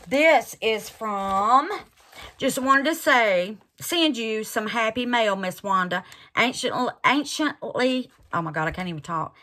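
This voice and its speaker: A woman's voice: a little high, a bit bright. A woman hosting a craft channel, unboxing gifts in casual chat and gushing over them with terms like honey and baby.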